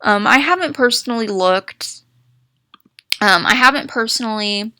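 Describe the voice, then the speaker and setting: A young woman chatting casually to viewers about video games, rambling and restarting phrases, with bursts of excited exclamations. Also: on the high side, normal speed, no echo. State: hiccups. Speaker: gaming vlogger.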